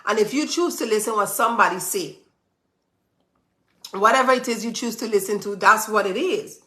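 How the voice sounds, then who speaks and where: A woman's voice: mid-range voice, moderate pace, sharp tone. A woman giving a motivational talk to camera, emphatic and repetitive, in an echoey room. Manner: emphatic, preachy, repeats phrases for stress. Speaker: business owner giving motivational advice.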